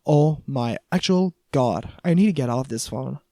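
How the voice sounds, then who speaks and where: A man's voice: mid-range voice, lively intonation, normal speed, warm tone, no echo, studio quality, close to an everyday voice. A man reading an audiobook, voicing a flustered young woman who talks in an exasperated, raised voice.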